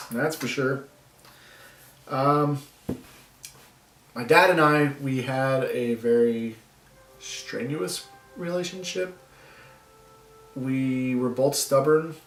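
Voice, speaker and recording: A man talking to the camera in a soft, halting way, breaking off with nervous laughs and long pauses. His voice has an average pitch. It sounds roomy and echoey, with the mic set back from him. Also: far from the mic. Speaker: vlogger. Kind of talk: personal vlog talking to camera.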